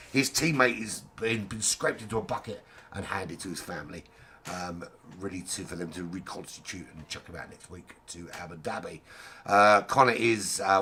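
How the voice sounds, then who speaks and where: A man's voice: on the low side, pushed and bright, husky. A man with a sore throat giving rambling, jokey, casually sweary live commentary on an online racing league. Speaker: race commentator.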